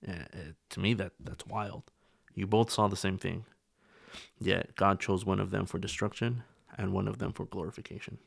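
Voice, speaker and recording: A man's voice: sits low, steady tone, normal speed, vocal fry, breathy edge, dry recording, clean studio sound. A man co-hosting a podcast, talking earnestly in a casual discussion, often restarting his phrases. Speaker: podcast co-host.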